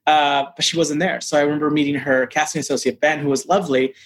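A man chats as a guest in an interview, sitting a little high in pitch. He tells his stories loosely, with plenty of "like" and "you know." He slips into other people's voices when he quotes them. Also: quick pace. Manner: animated, acts out quoted dialogue; frequent fillers like "like" and "you know". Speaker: actor guest. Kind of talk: casual interview storytelling.

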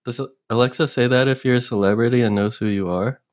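A man's voice: mid-range voice, steady tone, fast talker. A man co-hosting a comedic call-in show over a video call, given to teasing remarks and rambling asides. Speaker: podcast co-host. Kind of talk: comedic banter.

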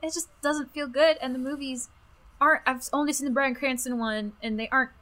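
Podcast cohost lady, bright voice, chill and chatty. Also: high-pitched, a little fast. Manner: relaxed, chatty, laughs easily. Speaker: podcast co-host. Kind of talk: casual chat.

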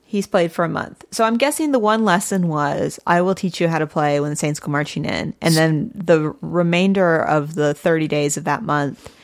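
A woman's voice: sits low, normal speed, hardly any pauses. A woman co-hosting a comedy podcast, recapping a show in casual chat and laughing often. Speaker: podcast co-host.

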